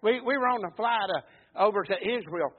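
High-voiced preacher on a tinny line. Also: male voice, expressive, normal speed. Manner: folksy, repeats words, swells to shouts and drops low. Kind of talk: sermon. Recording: tinny phone-like recording.

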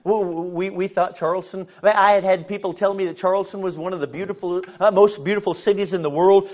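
A man's voice: sits high, steady tone, a little fast, hardly any pauses, highs cut off. A male pastor preaching a storytelling sermon with self-mocking humor, often stammering and restarting his phrases. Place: church sanctuary.

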